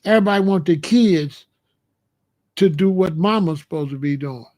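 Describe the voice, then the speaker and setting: A man's voice: sits high, normal speed, darkish tone. A man hosting a livestream, ranting and mocking viewers in the chat in a combative, profane way. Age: adult. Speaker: livestream host. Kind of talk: heated livestream rant.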